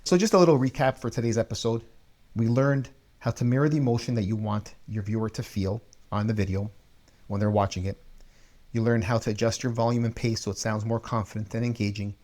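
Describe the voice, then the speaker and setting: A man's voice: on the low side, fairly even intonation, brisk, a little mellow. A man hosting a video coaching show, talking energetically and stressing key words as he teaches. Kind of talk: energetic instructional talk.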